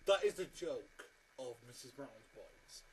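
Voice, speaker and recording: A man's voice: mid-range voice, lively intonation, measured pace, slight background noise, poor audio. A man giving a blunt, exasperated film review, often restarting his sentences. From Britain. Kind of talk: casual ranting review.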